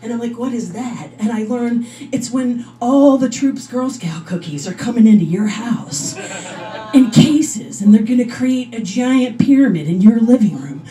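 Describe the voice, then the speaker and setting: A woman comedian tells her story with energetic, animated stand-up delivery. Her voice sits fairly high. It sounds a little back from the mic. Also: distant mic.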